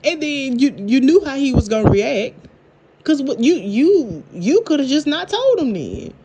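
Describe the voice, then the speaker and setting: A woman, casually recapping a TV drama episode, animated and laughing, with lots of repeats and restarts. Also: high voice, a little slow, muffled recording, background noise. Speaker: TV show reviewer.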